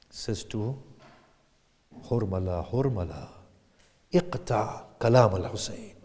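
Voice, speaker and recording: A man giving a sermon, retelling a tragic story slowly, swinging from hushed whispers to loud anguished cries. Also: lowish voice, expressive, big-room sound. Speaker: lecturer.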